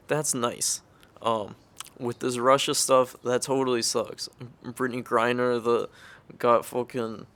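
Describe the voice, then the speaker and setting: A man's voice: medium pitch, fairly bright tone. Laid-back young man from California. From California, United States. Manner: laid-back, profane, laughs often while telling the story. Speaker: vlogger. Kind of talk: casual storytelling.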